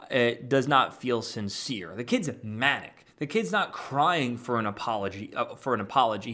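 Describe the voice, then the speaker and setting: A man's voice: fairly high pitch, fairly bright tone. A man giving an argumentative, dismissive reaction as an online commentator, reacting to a clip and reading posts aloud.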